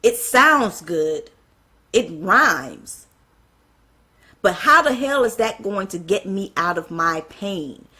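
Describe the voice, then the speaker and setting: A woman delivers a fiery, passionate sermon to a gathering, piling up rhetorical questions. Her voice is bright and forward with a husky edge. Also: medium pitch, slow. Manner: fiery, fires off rhetorical questions, apologizes for getting excited. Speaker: speaker at a church event.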